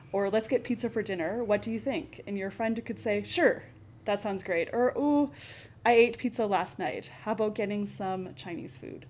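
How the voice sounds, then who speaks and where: A woman from Canada gives a relaxed English lesson on everyday phrases. She laughs easily, acts out little example conversations, and her pitch sits at an ordinary middle height. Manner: friendly, laughs often, acts out example dialogues. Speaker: English teacher. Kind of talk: casual spoken English lesson.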